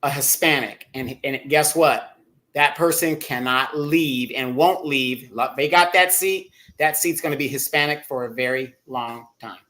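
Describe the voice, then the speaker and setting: A man at a middle pitch joins a casual live-stream chat as co-host. He drives his points home with rhetorical questions and firm emphasis. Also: unhurried, sharp tone.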